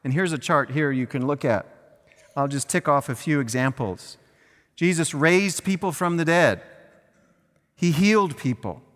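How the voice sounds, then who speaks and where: This church recording captures a pastor whose voice is a little high and fairly bright. He preaches as if chatting, acting out brief scenes along the way, under long hall reverb.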